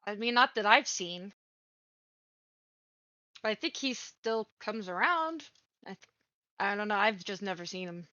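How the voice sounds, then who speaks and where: A woman's voice: mid-range voice, animated, a little slow, pauses often, sharp tone, dry recording, highs cut off. A woman in casual chat, easygoing and matter-of-fact.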